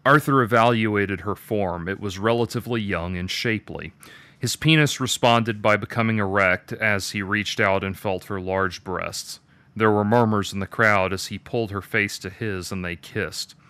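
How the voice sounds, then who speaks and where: A man reading his own dark story aloud with a measured, detached delivery. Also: lowish voice, clear, resonant tone, no echo. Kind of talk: dramatic story narration.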